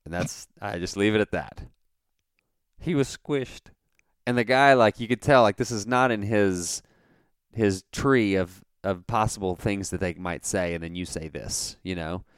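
Low, smooth-voiced man telling a story. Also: normal speed, dry recording, clean studio sound. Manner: rambling, animated anecdote with many restarts. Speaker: podcast host. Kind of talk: casual storytelling chat.

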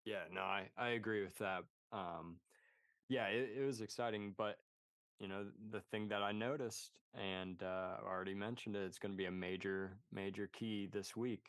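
A man's voice: on the low side, fairly even intonation, moderate pace, a bit bright, no room sound. A man co-hosting a podcast in casual chat, laid-back and full of "dude" and "man". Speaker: podcast co-host. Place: podcast studio.

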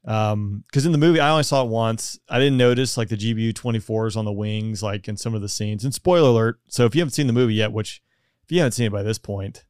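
A man's voice: on the low side, quick pace, darkish tone, smooth, dry recording, clean studio sound. A man hosting a podcast in a chatty, easygoing way, often laughing along. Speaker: podcast host. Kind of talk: casual podcast conversation.

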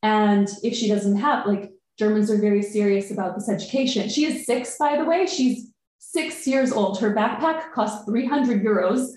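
A woman chatting casually on a podcast, telling an animated story and acting out her own inner thoughts. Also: mid-range voice, normal speed, heavy reverb, poor audio. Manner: animated storytelling, quotes herself.

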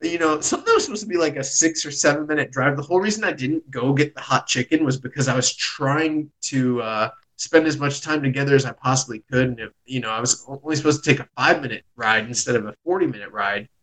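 A man's voice: medium pitch, fast, few pauses, fairly bright tone, rough recording. A man, hosting a podcast and casually telling a long, rambling story with plenty of swearing. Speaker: podcast host.

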